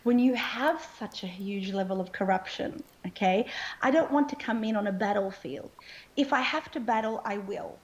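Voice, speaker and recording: A woman's voice: mid-range voice, normal speed, rough recording. A woman speaking in an interview, earnest and impassioned, often checking in with "okay?". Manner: earnest, keeps asking "okay?". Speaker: interview guest.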